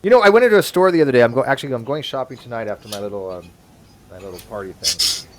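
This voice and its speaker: A man's voice: medium pitch, lively intonation, rapid-fire. A man hosting a casual online hangout, rambling and stumbling over restarts as he talks. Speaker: livestream host.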